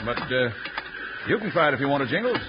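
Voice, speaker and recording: A man's voice: mid-range voice, big pitch swings, quick pace, natural voice. A man playing a folksy frontier timber boss. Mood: easygoing. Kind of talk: 1940s radio acting. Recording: muffled old radio recording, loud hiss.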